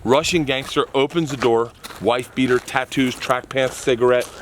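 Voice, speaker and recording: A man's voice: medium pitch, moderate pace, slight background noise. A man telling a long comic story, acting out the voices of the people in it and laughing often. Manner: excitable, acts out voices, laughs a lot. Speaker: comedian guest. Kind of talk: animated storytelling.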